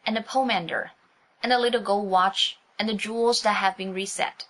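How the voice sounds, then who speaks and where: A woman voicing a dashing masked highwayman. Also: steady tone, normal speed, close to an everyday voice, rough recording. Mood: cool. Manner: commanding, then gentle and mocking. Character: dashing gallant male highwayman, bold and teasing.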